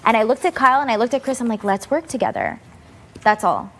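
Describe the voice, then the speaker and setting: Young woman, emotional, confrontational, slightly high voice. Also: expressive, fast talker, a bit bright. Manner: emotional, confrontational, defending herself. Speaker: reality show contestant. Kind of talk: house meeting speech.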